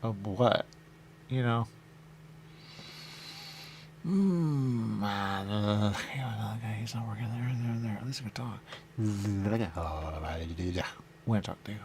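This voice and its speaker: A man's voice: on the low side, slow, long pauses, a little mellow, a little hiss or hum. A man hosting a radio show, talking in a rambling, mumbling way and repeating little phrases to himself. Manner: mumbling, repeats "there you go", chuckles. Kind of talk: rambling casual talk.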